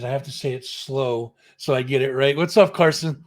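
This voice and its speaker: A man's voice: mid-range voice, fairly even intonation, moderate pace, few pauses. A man hosting an interview show, talking in a friendly, casual way and calling his guest dude and man. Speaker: podcast host.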